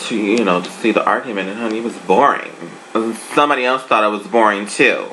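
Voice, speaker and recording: An online show reviewer, a sassy and dishy adult, talks fast and casually in an ordinary middle-register voice that's a bit bright, swinging the pitch widely to make points. The recording is low quality, with a clear hiss of room noise beneath the speech.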